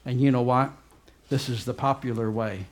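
A man preaching a fervent sermon as pastor, swinging between loud urgent emphasis and quiet low asides. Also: fairly even intonation, moderate pace, slight background noise.

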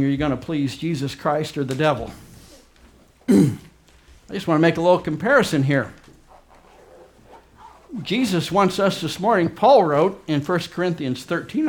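Pastor guy preaching hard, voice sits kinda high, gets loud then drops real quiet. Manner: fervent, swings between loud urgent emphasis and quiet low asides. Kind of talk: sermon.

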